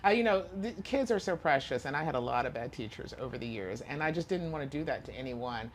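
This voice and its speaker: Woman, very low register, reflective guest interviewee, slight background noise. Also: expressive, quick pace. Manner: earnest, reflective storytelling. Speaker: guest, author and former teacher. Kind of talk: conversational interview answers.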